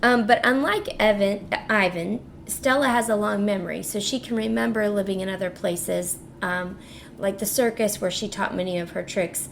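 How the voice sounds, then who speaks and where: Female podcast co-host, mid-pitched gravelly voice, relaxed summarizing, faint noise behind. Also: moderate pace. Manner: relaxed summarizing with light laughs. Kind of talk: casual book podcast chat.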